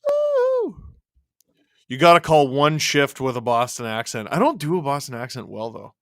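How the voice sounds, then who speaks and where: In a mid-range voice that runs a little fast, a streamer and show host calls a game on his live watch-along, yelling excitedly at big plays and bantering playfully with chat. The studio sound is clean, with no echo.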